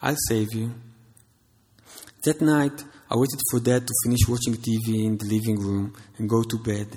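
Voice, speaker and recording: Israeli man, husky voice, big hall. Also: mid-range voice, little pitch movement, a little fast, warm tone. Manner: hesitant, chatty, self-deprecating. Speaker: author. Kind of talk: public reading and talk. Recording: reverberant hall.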